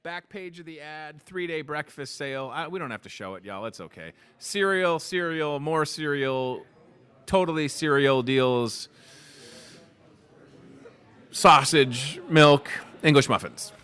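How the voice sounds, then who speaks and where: A man hosting a lively talk show inside a grocery store, joking and rattling off deals. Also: on the high side, clear, resonant tone. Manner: energetic, joking, rapid-fire deal listing. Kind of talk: upbeat promotional chat.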